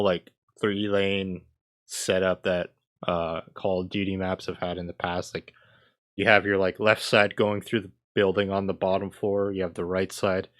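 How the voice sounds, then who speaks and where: A young man hosts a casual gaming podcast, talking in a slightly low voice. He rambles and leans on filler words. The sound is dry and close, with no room around it. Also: a bit bright, no room sound. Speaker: podcast host.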